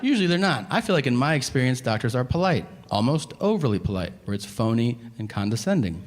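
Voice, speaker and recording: A man's voice: mid-range voice, expressive, fast, in a large hall. A man in his thirties doing a stand-up set, telling a story with exasperation and acting out the other people's lines. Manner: storytelling, exasperated, acts out dialogue with voices. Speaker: stand-up comedian. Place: comedy stage before a live audience.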